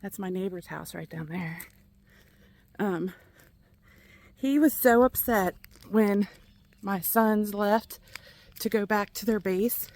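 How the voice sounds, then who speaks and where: A woman's voice: medium pitch, slow, pauses often, a little mellow. A middle-aged woman with a Kentucky accent, out of breath as she chats casually with viewers while walking laps outdoors. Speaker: vlogger. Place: outdoors, walking around a neighborhood.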